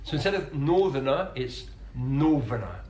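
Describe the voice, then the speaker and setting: Man, pronunciation teacher; explanatory narration, careful sound demos, roomy recording. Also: medium pitch. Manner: demonstrates sounds slowly and carefully. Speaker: English accent teacher.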